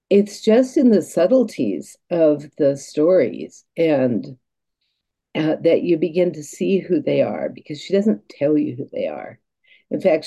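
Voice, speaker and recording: Interview guest, a woman; husky, gravelly delivery, reflective and halting. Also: low voice, warm tone, poor audio. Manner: earnest, halting, with laughs and restarts. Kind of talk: reflective storytelling.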